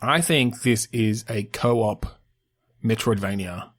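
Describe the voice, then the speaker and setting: Laughing, low-voiced podcast co-host man. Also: slow, slightly rough, no echo. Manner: laughs often, swears, trails off and restarts. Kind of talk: casual brainstorming chat.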